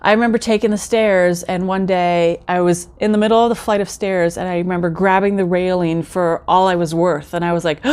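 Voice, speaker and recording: A woman's voice: on the low side, steady tone, a little fast, few pauses, darkish tone, clear, resonant tone. A middle-aged woman telling her own story in a casual vlog, chatty and talking straight to her viewers. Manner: chatty, addresses viewers directly, acts out quoted remarks.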